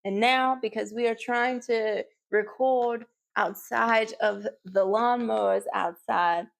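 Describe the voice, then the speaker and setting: A woman chatting casually through a TV episode review, animated, with big jumps in pitch when she quotes characters. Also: slow pace, creaky. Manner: talks straight to her pets between points.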